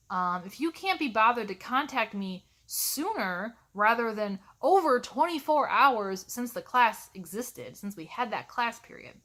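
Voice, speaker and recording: A woman's voice: mid-range voice, a bit bright. Snarky exasperated woman instructor. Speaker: college instructor. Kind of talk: ranting vlog to camera.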